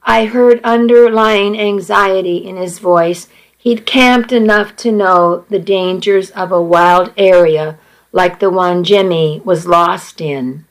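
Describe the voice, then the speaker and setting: Woman narrating a story in first person, slow and unhurried, plain earnest read. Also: fairly low pitch, poor audio.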